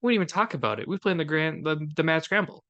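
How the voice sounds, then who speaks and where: A man's voice: on the high side, expressive, very fast, bright, forceful tone, highs cut off. A man co-hosting a golf podcast from Minnesota, chatting casually and upbeat, laughing often. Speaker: podcast co-host. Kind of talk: casual chat.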